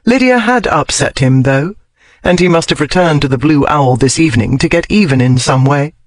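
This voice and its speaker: A man reading a historical romance novel aloud as audiobook narrator, in a measured storytelling manner. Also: a little high, expressive, no room sound. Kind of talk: scripted narration.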